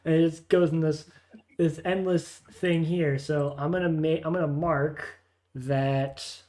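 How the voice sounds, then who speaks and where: A man's voice: on the high side, fairly even intonation, a little slow, a little mellow. A man running a tabletop game as game master, narrating the scene in a rambling, amused way. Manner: rambling, amused, counts aloud while placing tokens.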